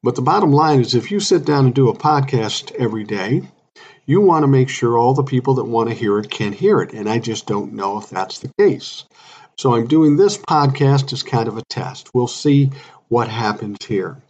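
A man in his sixties hosts his own podcast and talks in a blunt, irritated way, with swearing all through it. His voice is somewhat husky, and the recording sounds a bit dull and lo-fi. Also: mid-range voice, normal speed, darkish tone. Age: 60s. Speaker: podcast host. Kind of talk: solo podcast rant.

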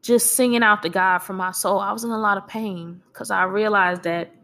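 Woman, mid pitch, gravelly fry, crying through an earnest faith talk. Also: fairly even intonation, normal speed. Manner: earnest and encouraging, with soft laughs. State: tearful, crying. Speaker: speaker sharing faith. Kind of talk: personal devotional talk.

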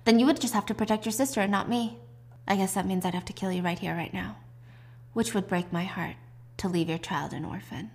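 A woman voicing a hardened female assassin who talks flatly and coolly, with quiet defiance. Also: a little high, racing, few pauses, lightly acted. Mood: cold.

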